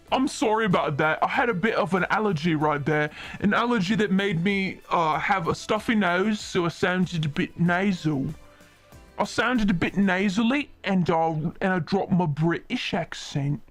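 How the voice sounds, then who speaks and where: A woman voicing a calm, guarded man at a bar, reading game dialogue in a measured, patient way. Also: medium pitch, faint music behind, voice pushed down. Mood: apologetic. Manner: measured, explaining himself patiently.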